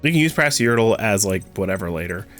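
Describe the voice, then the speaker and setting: A man's voice: on the low side, animated, brisk, a bit bright, soft background music. A young man commentating his own card game play, ranting and swearing as his frustration builds. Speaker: gaming streamer. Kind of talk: gameplay commentary.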